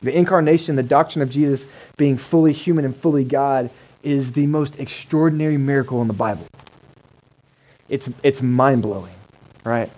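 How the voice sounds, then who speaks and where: A man's voice: medium pitch, normal speed, darkish tone, rough recording. A male pastor, preaching a sermon in a conversational way and asking the congregation rhetorical questions. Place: church service held in a cinema.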